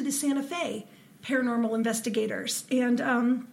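A woman's voice: fairly high pitch, steady tone, moderate pace, gravelly. A woman from Ohio, co-hosting a podcast and telling paranormal stories in casual chat, with frequent ums. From Ohio, USA. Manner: chatty storyteller with frequent ums and laughs. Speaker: podcast co-host.

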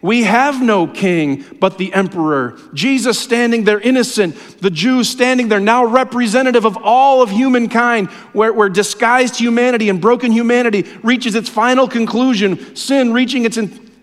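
A man preaching a sermon, impassioned and often dropping to a hushed, low voice. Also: normal speed. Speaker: pastor. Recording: long hall reverb.

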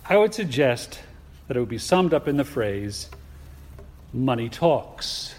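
A man preaching a sermon in a deliberate, emphatic way, asking his listeners rhetorical questions. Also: mid-range voice, big pitch swings. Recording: long hall reverb.

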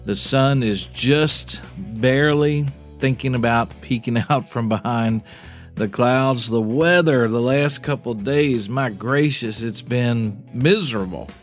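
A man's voice: medium pitch, takes it slowly, faint music behind. A male pastor giving a casual weekly podcast update, chatty and informal, with small laughs.

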